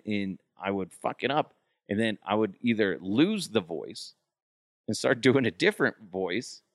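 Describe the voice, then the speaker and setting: This podcast host has a lowish voice and a loose, swearing, wandering storytelling style, breaking quickly into mock voices during casual chat. The recording is clean studio sound without echo.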